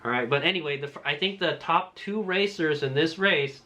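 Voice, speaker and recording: Man, fairly high bright voice, rambling race-recap vlogger who keeps asking "all right?". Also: moderate pace. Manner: rambling, many fillers and tag questions. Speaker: motorcycle racer vlogger. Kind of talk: casual after-race recap to camera.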